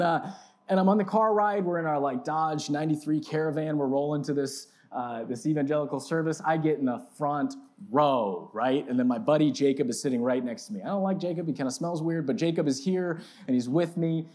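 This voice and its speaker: Animated storytelling male preacher. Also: on the high side, brisk. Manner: animated and self-mocking, swinging from loud excited storytelling to quiet reflection; casual, full of "like" and "right?". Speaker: pastor. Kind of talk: storytelling sermon to a live audience.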